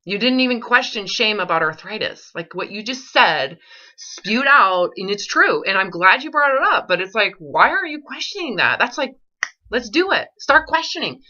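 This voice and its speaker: A woman's voice: mid-range voice, big pitch swings, normal speed, pushed and bright, lo-fi sound. A woman coaching a client on eating disorder recovery, blunt and pressing, swearing and repeating her questions. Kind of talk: confrontational coaching session.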